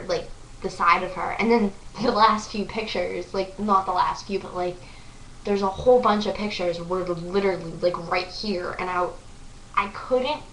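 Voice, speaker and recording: A young woman vlogger excitedly telling a story to the camera, gushing and full of "like" fillers. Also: mid-range voice, distant mic, slight background noise. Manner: breathless, gushing, lots of "like" fillers. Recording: echoey room, voice off-mic.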